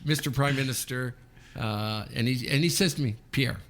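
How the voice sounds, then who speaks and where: A man in his fifties from Canada, co-hosting a podcast and telling an anecdote in a lively way, often checking in with "okay?". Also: medium pitch, normal speed. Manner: animated anecdote teller, frequent "okay?" check-ins. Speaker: podcast co-host. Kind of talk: casual storytelling.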